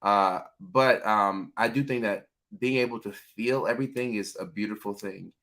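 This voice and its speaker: A man's voice: on the low side, moderate pace, fairly bright tone. A man hosting a casual livestream, chatting freely with lots of fillers and reading viewers' names aloud. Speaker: livestream host, mental health clinician.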